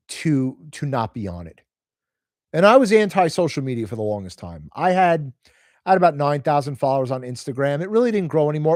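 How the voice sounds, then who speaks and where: A man's voice: a little high, a little mellow, dry recording, clean studio sound. Rambling man hosting a casual live stream. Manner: rambling, storytelling, reading out viewer comments. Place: home, moving house.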